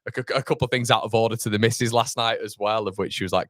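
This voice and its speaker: A man's voice: on the low side, quick pace, fairly bright tone, no room sound, clean studio sound. A young man hosting a live football fan stream, rambling and chatty, reading out viewer comments while feeling a bit fuzzy from a mild concussion. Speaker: fan channel host.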